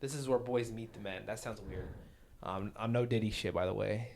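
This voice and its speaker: A man's voice: fairly low pitch, brisk, gravelly, darkish tone, slight background noise. A young man co-hosting a sports podcast, rambling casually, cursing and joking as he makes picks. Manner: rambling, swears freely, jokey. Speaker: podcast co-host.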